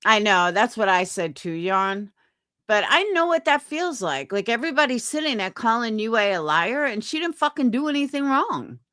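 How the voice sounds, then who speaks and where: Chatting on a live stream and reading viewer comments, a young woman airs grievances in indignant, profane talk, doing put-on voices when quoting people. She sounds a little high and a bit bright, very animated at a moderate pace, in echo-free studio-quality audio.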